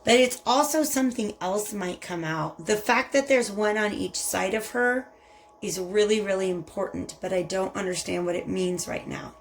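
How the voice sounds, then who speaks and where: A woman's voice: medium pitch, normal speed, slight background noise. A woman with a Southern US accent giving a chatty, effusive tarot reading and talking straight to her viewers. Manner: chatty and effusive, addresses viewers as "you guys". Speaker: tarot reader. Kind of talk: casual spiritual tarot reading.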